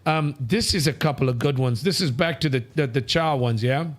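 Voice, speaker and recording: A man's voice: medium pitch, brisk. A man from India hosting a live talk show, blunt and joking, swearing now and then as he reads out viewer comments. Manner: blunt, brash, swears and jokes while reading comments. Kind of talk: casual live show chat. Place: studio.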